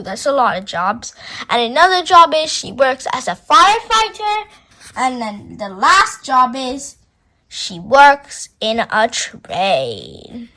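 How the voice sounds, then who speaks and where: A woman reading a children's storybook aloud, with a high voice that bounces animatedly. She takes her time and chats with her young listeners between pages. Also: pushed and bright, low-quality recording. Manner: chatty, asides to young listeners.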